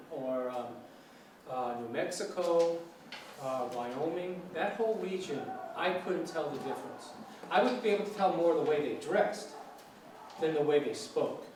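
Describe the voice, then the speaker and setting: A middle-aged man teaching an informal English lecture, chatty and asking students questions. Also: fairly high pitch. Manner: chatty, asks the audience questions, imitates regional accents. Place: lecture hall. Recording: echoey hall from far off, faint noise.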